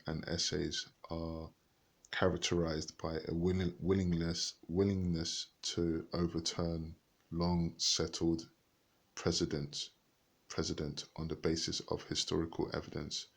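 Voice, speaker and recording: A man reading a book aloud haltingly, stopping to look up words and rereading passages. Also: low voice, breathy edge. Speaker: reader.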